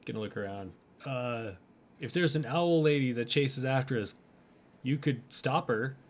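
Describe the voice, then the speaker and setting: A man's voice: mid-range voice, unhurried. A man playing in a tabletop game, chatting casually and playfully. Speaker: player. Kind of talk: casual chat.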